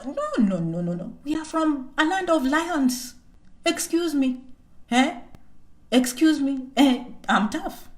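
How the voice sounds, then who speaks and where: Slow and expressive, a high-voiced Kenyan woman vlogger delivers an emphatic, repetitive motivational livestream chat. She often talks about herself in the third person and repeatedly asks her audience "okay?"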